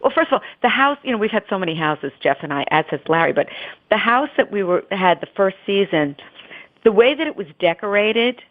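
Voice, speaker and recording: An actress answering interview questions in a candid, reflective, chatty way. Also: female voice, mid-range voice, expressive, fairly quick. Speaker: actress guest. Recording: tinny phone-like line.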